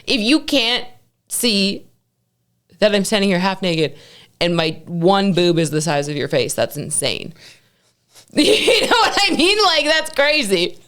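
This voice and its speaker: Young woman telling a lively story. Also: medium pitch, slow pace. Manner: animated storyteller, profane. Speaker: podcast guest. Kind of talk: casual chat.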